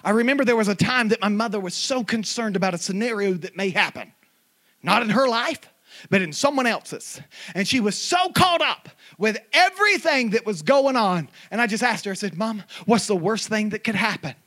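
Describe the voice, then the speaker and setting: Brief: male pastor, high bright tense voice, impassioned sermon delivery. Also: lively intonation, moderate pace. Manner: impassioned preaching that swells into shouts. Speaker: preacher.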